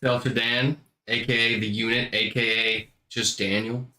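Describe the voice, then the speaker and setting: A man's voice: medium pitch, fairly even intonation, normal speed, pushed and bright, poor audio. A man, a guest on a casual livestream, chiming in with dry, laid-back asides.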